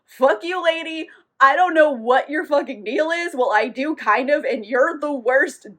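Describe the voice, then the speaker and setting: A high-pitched, exasperated young witch who swears openly and bluntly speaks her mind, as a woman playing her in a book recap puts her on. The tone is sharp and exasperated. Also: lively intonation, unhurried. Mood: furious.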